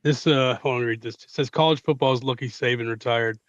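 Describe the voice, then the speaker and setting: A man chatting as a podcast panelist with quick, joking asides. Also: medium pitch, fairly even intonation, no echo, muffled recording. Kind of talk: casual panel chat.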